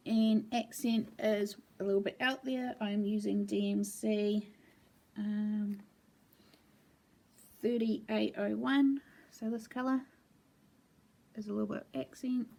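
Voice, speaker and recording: A woman's voice: mid-range voice, slow, creaky, long pauses. A woman casually showing her cross-stitch projects at home, rambling with frequent ums. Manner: relaxed, meandering, with frequent ums. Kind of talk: casual show-and-tell chat.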